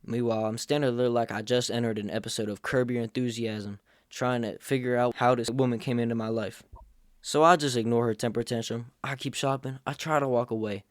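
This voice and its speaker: Fairly quick and fairly even in intonation, this young man's medium-pitched voice carries a jokey, sarcastic storytime vlog. The audio is studio quality with no room sound.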